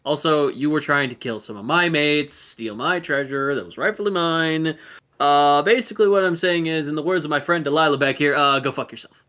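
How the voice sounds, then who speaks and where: A man's voice: mid-range voice, huge pitch swings, slow pace, gravelly, few pauses, fairly bright tone, slightly rough, heavily acted. Man doing a swaggering shark pirate captain. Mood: taunting. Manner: swaggering, insulting. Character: gruff male hammerhead shark pirate captain, grudging.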